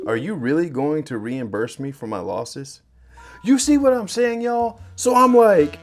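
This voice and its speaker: A man who works in cybersecurity, telling a scam story to his viewers in a lively way. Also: a little slow, soft background music. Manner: lively, swings pitch and loudness when acting out chats. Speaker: cybersecurity vlogger. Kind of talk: animated storytelling to camera.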